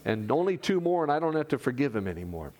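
A man's voice: sits high, animated, drawn-out words, fairly bright tone, voice pushed up, exaggerated voice. A man voicing a frightened, boastful male disciple in a sermon, pleading at one moment and smugly counting at another. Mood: calculating.

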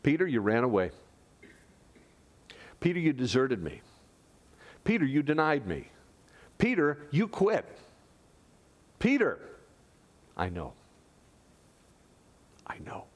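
A male pastor preaching a sermon in an earnest, conversational way, with dramatic drops to a hush. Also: a little high, big pitch swings, measured pace, pauses often.

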